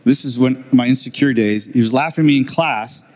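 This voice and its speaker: An older man preaches in a church, spinning a personal story in a sermon. He acts out the other people's lines as he goes and laughs along with his own telling, and his pitch sits in the middle. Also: fairly quick, darkish tone.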